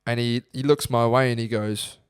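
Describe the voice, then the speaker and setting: A young man with an Australian accent, co-hosting a podcast and telling stories in a relaxed, casual way. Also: medium pitch, moderate pace, clear, resonant tone, dry recording, studio quality. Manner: laid-back storytelling, swearing freely. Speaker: podcast co-host. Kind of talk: casual chat.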